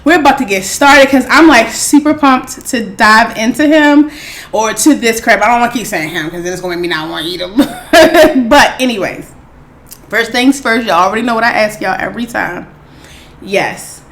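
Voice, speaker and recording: A woman hosting an eating show, chatting casually and excitedly to her viewers, calling them y'all. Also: on the high side, moderate pace. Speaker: mukbang host.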